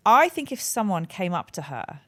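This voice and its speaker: A woman hosting a podcast, chatting casually and telling stories with animated delivery. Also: lowish voice, normal speed. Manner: animated storyteller, acts out voices. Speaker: podcast host. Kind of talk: casual chat.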